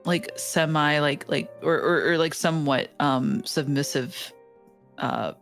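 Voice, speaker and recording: A woman guest chatting casually on a stream, halting and repeating words as she talks. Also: deep voice, faint music behind. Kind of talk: casual chat.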